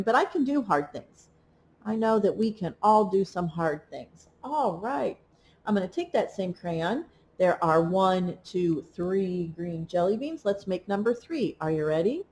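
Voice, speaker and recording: Woman, preschool teacher for a remote lesson; slow, lilting, encouraging delivery. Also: mid-range voice, a little mellow, slight background noise. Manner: slow, encouraging, sing-song counting and rhymes. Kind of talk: remote read-along lesson for young children.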